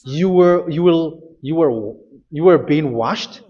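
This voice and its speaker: A male preacher with a voice pitched a little high, pressing his points again and again and stumbling over restarts as he goes. The recording sounds dull and lo-fi. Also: slow, dark tone. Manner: insistent preaching with repetitions and hesitations. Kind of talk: sermon.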